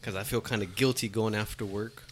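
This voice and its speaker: A man's voice: fairly low pitch, fairly even intonation, fairly quick, a little hiss or hum. A man in casual podcast conversation who talks candidly and swears freely. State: new father. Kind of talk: casual chat.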